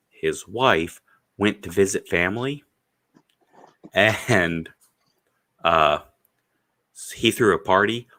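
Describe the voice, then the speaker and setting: A man's voice: sits low, sharp tone. A man hosting a casual stream chat, telling rambling, profane stories and acting out the people in them. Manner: profane, storytelling, acts out quoted voices. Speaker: stream host.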